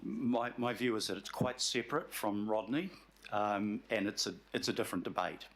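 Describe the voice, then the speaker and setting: Nz man chairing a council meeting, lowish voice, polite, lots of um and uh. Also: steady tone, fairly bright tone. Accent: New Zealand. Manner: polite, halting with many fillers.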